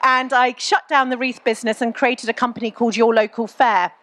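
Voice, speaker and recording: A woman's voice: fairly high pitch, fairly even intonation, brisk, a bit bright. A middle-aged woman telling her story in a frank, chatty way at an onstage Q&A, with lots of ums and you-knows. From England. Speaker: guest entrepreneur.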